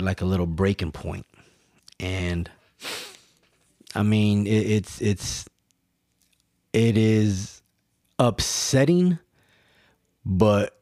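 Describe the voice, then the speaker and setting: A man talks through his week on his own podcast, earnest and emphatic, often restarting a phrase before landing it. His voice sits low and unhurried. The sound is dry and close, with no room around it. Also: darkish tone, no echo. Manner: earnest, emphatic, repeats words and restarts, addresses listeners directly. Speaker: podcast host. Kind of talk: solo reflective monologue.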